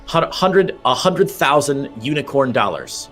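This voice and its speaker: A man's voice: mid-range voice, animated, measured pace, a bit bright, soft background music. A man giving chatty, playful play-by-play commentary on a strategy game match, with frequent restarts. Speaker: esports caster.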